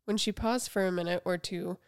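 A woman's voice: on the low side, steady tone, brisk, clean tone, dry recording, clean studio sound. A woman in her thirties co-hosting a podcast, reading listener stories aloud and laughing along. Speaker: podcast co-host. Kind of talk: casual chat.

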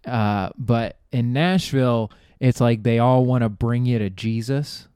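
Smooth-voiced man telling rambling stories. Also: medium pitch, measured pace, mellow, no room sound, studio quality. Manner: rambling, profane, trails off and restarts; laughs at his own jokes. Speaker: podcast host. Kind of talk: casual comedic storytelling.

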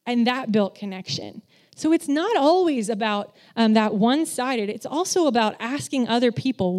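A woman's voice: fairly high pitch, normal speed. A woman giving a conversational sermon as a church speaker who works in children's ministry, candid and self-deprecating, acting out the voices she quotes. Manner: animated, acts out quoted voices.

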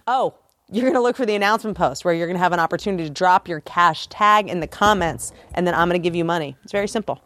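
A woman's voice: on the low side, fairly bright tone, no room sound. Woman podcast host goofing through an ad read, laughs a lot, dry close sound. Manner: joking, laughs often, rushes through ad copy. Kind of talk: playful ad read.

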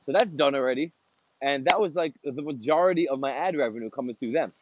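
A man's voice: mid-range voice, fast talker, narrow, tinny audio, a little hiss or hum. A man hosting his own podcast, ranting casually and with a lot of swearing while he walks outdoors in the rain. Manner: profane, ranting, rambling. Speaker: podcast host. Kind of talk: casual monologue.

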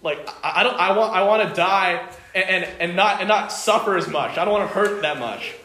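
Whiny young man bargaining with his father for comforts , put on by a preacher. Slightly high voice, echoey room. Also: fairly quick, pushed and bright. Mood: whining. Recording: echoey room, faint noise.

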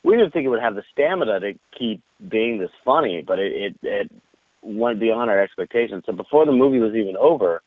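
A man telling an animated, profane anecdote in casual conversation, laughing often. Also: fairly low pitch, a little fast, no room sound. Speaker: guest. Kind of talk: casual storytelling. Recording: tinny phone-like line.

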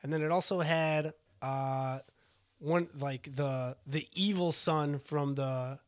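A young man co-hosts a podcast in a slightly high voice. He rambles along casually, stops often, and restarts his sentences. His delivery is loose and unpolished. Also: fairly even intonation, takes it slowly, no room sound. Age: young adult. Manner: rambling, hesitant, full of restarts. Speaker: podcast co-host. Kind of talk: casual chat.

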